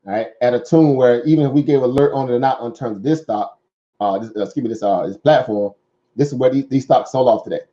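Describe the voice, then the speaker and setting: Southern man hosting a market show, warm and mellow, loose and rambling, lo-fi sound. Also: medium pitch, fast. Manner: rambling, conversational, many fillers and "right?" asides. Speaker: stock market show host. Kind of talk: casual market commentary.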